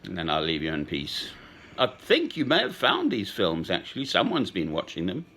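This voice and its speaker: A man in his sixties talking in a slow, sentimental, rambling personal monologue with chuckles. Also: low voice, huge pitch swings, bright, forceful tone, a little hiss or hum. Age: 60s. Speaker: speaker addressing a woman.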